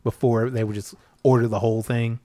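A man's voice: medium pitch, level tone, a little fast, mellow, no echo. A man hosting a podcast in casual chat, teasing the others and steering the talk. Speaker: podcast host.

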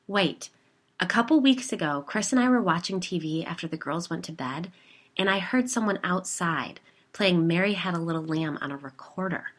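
A woman's voice: fairly low pitch, animated, normal speed. A woman reading a story, voicing the nervous narrator-heroine, a newcomer to the neighborhood who asks anxious, alarmed questions. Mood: flustered.

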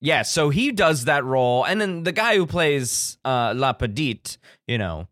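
Another man on the podcast discusses a movie in a relaxed, meandering way, frequently restarting what he says. He speaks unhurriedly at medium pitch with a sing-song, fairly bright voice. There's no room sound, and the audio is clean studio quality.

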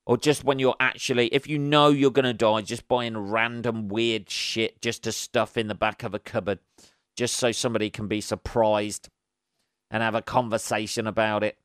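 A man's voice: on the low side, flat delivery, normal speed, clean tone, no echo, clean studio sound. A man hosting a solo comedy podcast. He rambles through sweary, wry asides with plenty of ums. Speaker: podcast host. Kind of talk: solo comic podcast monologue.

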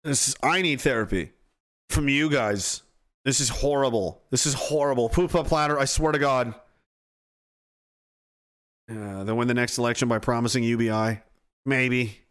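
A man's voice: medium pitch, normal speed, long pauses. A man hosting a livestream, reading chat and ranting heatedly with lots of swearing. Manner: profane, heated, swings from yelling to groaning.

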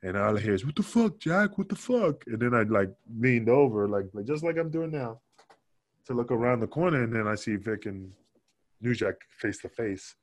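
A podcast guest tells a backstage story in a casual, animated manner, slipping into other people's voices and swearing as he quotes them. His voice is on the low side, his pace is moderate, and the recording is dry and close.

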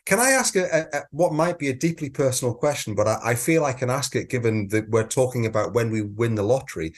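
A man's voice: medium pitch, expressive, quick pace. A man co-hosting a podcast in casual, playful chat, rambling with many restarts, just over an illness. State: recovering from illness. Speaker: podcast co-host.

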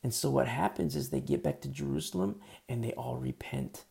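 Gravelly-voiced man preaching a casual sermon. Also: medium pitch, huge pitch swings, brisk, mellow. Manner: conversational, many fillers, acts out quoted voices. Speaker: pastor.

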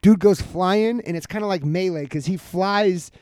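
Man in his thirties, slightly high voice, dry close sound, profane lively storytelling. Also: normal speed, clean tone, dry recording. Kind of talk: casual chat.

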